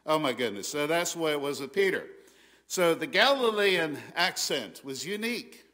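A man's voice: on the high side, lively intonation, moderate pace. A man with a Southern American accent preaching a sermon as pastor, emphatic and often restarting his sentences. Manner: emphatic, rising loud on quoted scripture, frequent restarts.

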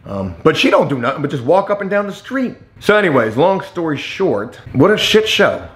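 A man ranting casually to camera as a vlogger, telling a heated story in a blunt, profane and animated way. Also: on the high side, moderate pace.

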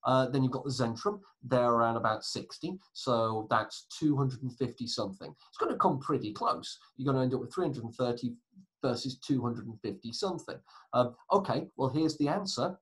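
A man's voice: medium pitch, animated, fairly quick, husky, low-quality recording. Guy teaching history, chatty, lots of asides, voice goes up and down a lot. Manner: chatty, explains with asides and self-corrections. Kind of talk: recorded lesson.

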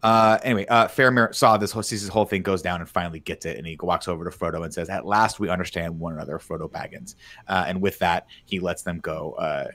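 Low-voiced man recapping a movie. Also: fast talker, hardly any pauses, a bit bright. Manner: recaps scenes with jokey paraphrased quotes. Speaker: podcast host. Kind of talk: casual movie review chat.

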